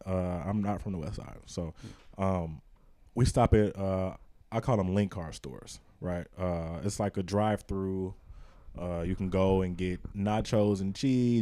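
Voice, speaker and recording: A podcast host telling a story in casual chat, swearing freely and acting out the people in it. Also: male voice, sits low. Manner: animated storyteller, swears freely, acts out voices.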